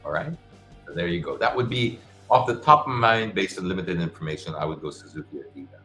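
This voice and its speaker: A man with a very low, deep voice talks casually through a live-stream Q&A, giving frank advice and often restarting his sentences. He sounds like he is in a roomy, echoey space, with faint music playing underneath. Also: quick pace, pushed and bright. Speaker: show host. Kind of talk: live-stream Q&A, answering viewer questions.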